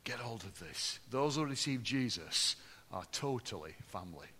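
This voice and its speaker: A man preaching a sermon to a congregation, swinging between loud, lively passages and low, hushed ones. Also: moderate pace, breathy edge. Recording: long hall reverb.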